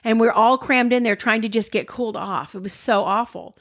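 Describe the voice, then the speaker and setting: Animated woman telling a shared story. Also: fairly high pitch, brisk. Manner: animated and emphatic, jumps in to add details. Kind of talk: casual storytelling chat.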